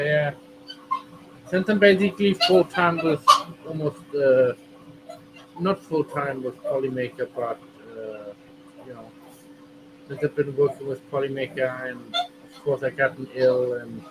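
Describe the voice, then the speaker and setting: A man chatting as a guest on a livestream, halting and repeating his words. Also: medium pitch. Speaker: regular guest. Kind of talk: casual livestream chat. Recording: noisy stream audio.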